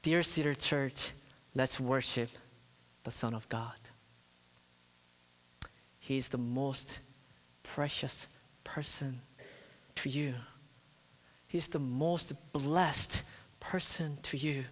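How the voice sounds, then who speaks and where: A man preaching a sermon to his church, slow and deliberate, building to impassioned, pleading cries. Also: medium pitch, steady tone, a bit bright. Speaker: pastor. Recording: long reverb of a church hall.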